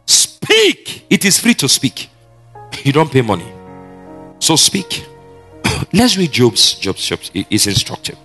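Animated pastor preaching. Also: male voice, mid-range voice, takes it slowly, long pauses, faint music behind. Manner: animated preaching, asks the congregation questions. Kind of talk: sermon.

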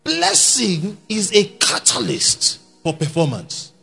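A lively guest preacher with a gravelly, high-pitched voice delivers a sermon slowly in a church hall before an audience. He's animated, shouting key points and laughing with the congregation, with faint music in the background.

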